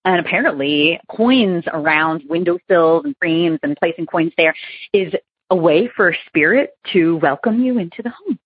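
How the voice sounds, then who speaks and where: Animated woman caller, dull lo-fi line. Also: on the low side, moderate pace, husky, no echo. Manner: rambling, chatty, animated retelling with many fillers. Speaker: caller telling a ghost story. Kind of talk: casual phone-in storytelling.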